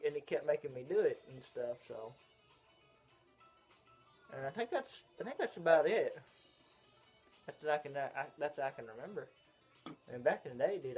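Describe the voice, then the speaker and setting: Husky-voiced young man. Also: a little high. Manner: rambling, drawling, with loud bursts of laughter. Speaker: vlog co-host. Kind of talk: casual storytelling chat.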